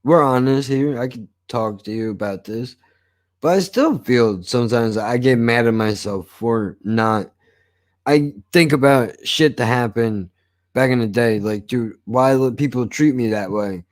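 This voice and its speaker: A man's voice: medium pitch, unhurried. Man ranting casually, swearing. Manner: swears constantly, animated storytelling. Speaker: show reviewer. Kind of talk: casual profane rant.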